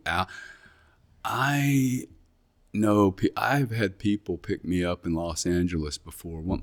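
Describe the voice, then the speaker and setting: Very deep-voiced blunt Englishman. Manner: blunt, emphatic, repeats himself. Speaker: guest. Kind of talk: casual interview talk.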